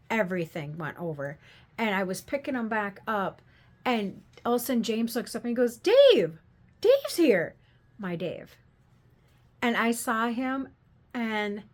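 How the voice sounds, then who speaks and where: Older lady vlogging about her craft fair, chatty and rambling, pokes fun at herself, middle-pitched voice. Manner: rambling, candid, self-deprecating, laughs while telling stories. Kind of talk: casual vlog storytelling.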